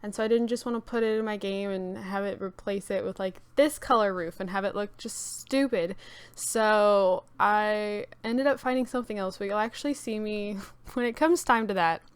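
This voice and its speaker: A woman's voice: medium pitch, moderate pace, smooth, no room sound. A young woman with a cracking morning voice, rambling casually with many fillers as she talks over her game build video. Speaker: YouTube gaming creator.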